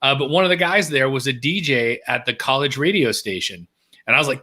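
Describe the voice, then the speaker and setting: As a guest in an interview, a middle-aged man tells a story briskly and with lots of life. He acts out the voices of the people in it, making big jumps in pitch.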